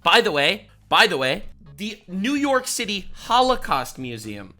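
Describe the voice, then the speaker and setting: A man giving sarcastic commentary on political clips, ranting and bursting into loud mocking outbursts. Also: high-pitched, very animated, measured pace.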